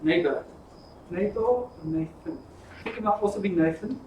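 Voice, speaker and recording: A man teaching an informal Bible study, telling the stories in a lively, jokey way. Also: high voice, normal speed, a little hiss or hum. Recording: echoey room from far off.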